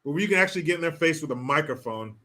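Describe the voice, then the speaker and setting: A man's voice: fairly high pitch, lively intonation, rapid-fire, bright, forceful tone. A man hosting a political commentary stream, ranting in a crude, mocking way and reading out chat comments. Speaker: host.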